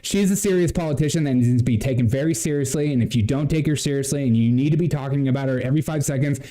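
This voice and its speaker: A man's voice: medium pitch, fast, warm tone, faint music behind. A man hosting a comedy livestream, talking to viewers in a mocking, laughing, chatty way. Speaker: livestream host. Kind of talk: sarcastic comedy livestream commentary.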